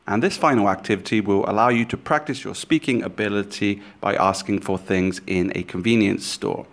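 A man teaching a language lesson in scripted narration, giving slow, clear explanations and carefully sounding out foreign phrases. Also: lowish voice.

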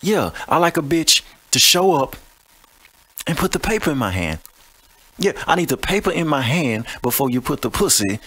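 A man's voice: fairly high pitch, very animated, normal speed, fairly bright tone. A man hosting a podcast, telling a boastful, profane story in a swaggering, mocking way. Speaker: podcast host.

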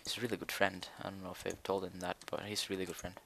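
A man's voice: sits low, monotone, racing, vocal fry, a bit bright, slight background noise. A young man chatting casually while he plays a building game, rambling and hesitant with many fillers. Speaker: gaming video creator. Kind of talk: casual Minecraft commentary.

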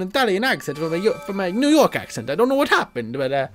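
A man's voice: high-pitched, fast talker, faint music behind. A young man streaming a video game, joking and chatting with his viewers. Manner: jokey and animated, talks to viewers. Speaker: gaming streamer. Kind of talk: let's play commentary.

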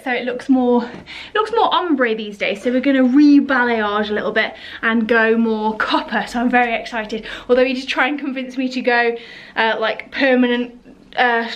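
A young British woman, a lifestyle vlogger, chatting to camera in a bubbly, gushing way with plenty of fillers. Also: fairly high pitch. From United Kingdom.

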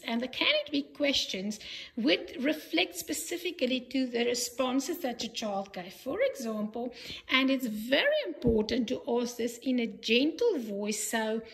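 A woman play therapist demonstrating sand tray therapy, explaining gently with frequent pauses and fillers. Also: fairly high pitch, rough recording. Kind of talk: instructional demonstration.

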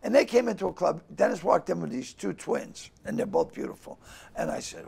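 An older man spins stories with a high, gravelly voice that is rough and husky at the edges. His pitch swings all over the place as he acts out quotes with sudden loud bursts in a casual interview. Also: animated, fairly quick. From Boston. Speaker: comedian guest.

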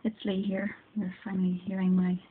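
A woman's voice: mid-range voice, flat delivery, a little fast. A woman with a Northern Irish accent chatting casually while unboxing craft goodies at home, gushing and full of fillers, recorded on a phone. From Northern Ireland. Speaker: crafting vlogger. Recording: tinny, noisy phone recording.

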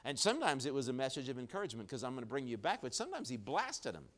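A male pastor delivering a live sermon in a church, dropping low and quiet, then building to loud emphatic peaks. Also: big pitch swings, quick pace, hardly any pauses. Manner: preaching with wide swings in loudness, low and quiet then rising strongly. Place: church sanctuary, recorded live.

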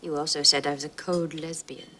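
A cool, teasing opera diva. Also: female voice, deep voice, steady tone, fairly quick, sharp tone, slight background noise. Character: proud, teasing opera diva, middle-aged woman. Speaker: opera singer.

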